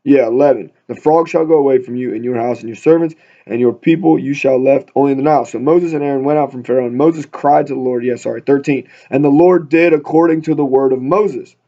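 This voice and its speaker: In a dull lo-fi recording, a mellow, mid-range male voice moves at a quick pace with hardly any pauses. He's leading an informal Bible study, reading passages aloud before joking and chatting about them.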